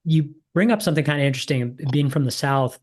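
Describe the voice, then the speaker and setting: A man's voice: a little high, quick pace. A man hosting a podcast, asking questions in a thoughtful, hesitant way and often repeating words as he thinks. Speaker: podcast host, ghostwriter. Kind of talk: casual interview conversation.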